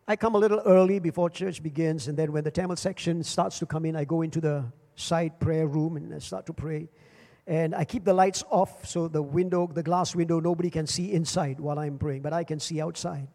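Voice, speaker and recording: An older man preaching a sermon as pastor, swinging between loud calls and soft asides and repeating phrases. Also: moderate pace. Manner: dramatic swings in pitch and volume, repeats phrases. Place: church service. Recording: long church hall reverb.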